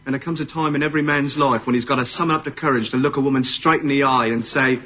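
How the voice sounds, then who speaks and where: An American actor playing a lovestruck ex-boyfriend in a sitcom, speaking in a fake British accent with stiff, overdone romantic lines. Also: male voice, mid-range voice, fairly even intonation, fast talker, bright, forceful tone, a little hiss or hum, lightly acted. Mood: earnest. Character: earnest, lovestruck English ex-boyfriend. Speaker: sitcom character. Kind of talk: sitcom acting.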